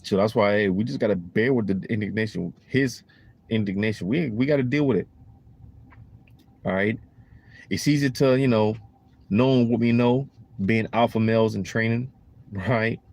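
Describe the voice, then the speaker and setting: A man's voice: fairly low pitch, moderate pace, vocal fry, pauses often, a little mellow, dry recording. A man giving a casual preaching monologue in a rambling, emphatic, slangy way, full of "you know" and "man.".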